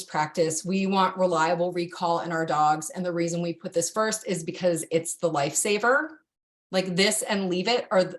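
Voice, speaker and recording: A middle-aged woman giving a casual, direct online dog-training lesson, talking straight to her students. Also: fairly bright tone. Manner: chatty, direct, jumps to a high sing-song for cue words. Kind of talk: online course instruction.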